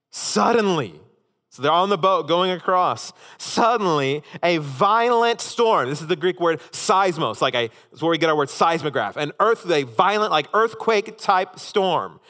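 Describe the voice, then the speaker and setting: Animated preacher in a reverberant hall. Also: male voice, on the high side. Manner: animated, emphatic storytelling. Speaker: pastor. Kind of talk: sermon.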